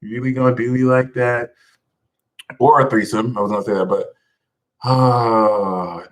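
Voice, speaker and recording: A man's voice: mid-range voice, fairly bright tone, poor audio. A man hosting a casual livestream, talking animatedly, laughing a lot and reading viewers' names from the chat. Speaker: livestream host.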